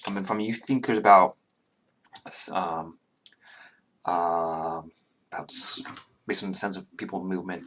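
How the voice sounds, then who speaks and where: A man's voice: deep voice, fairly even intonation, measured pace, pauses often, fairly bright tone, slight background noise. A man narrating as game master, rambling with many fillers and self-corrections.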